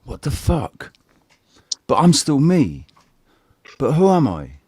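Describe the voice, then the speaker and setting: A man's voice: medium pitch, huge pitch swings, takes it slowly, a little mellow, husky, no echo, clean studio sound. A man in casual live panel chat, rambling and self-questioning with lots of swearing. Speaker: livestream panelist.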